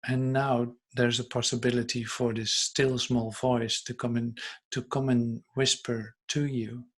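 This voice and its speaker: Slow, gentle male spiritual teacher. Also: medium pitch, little pitch movement. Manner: slow, gentle, reads passages aloud and muses on them. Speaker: online class teacher.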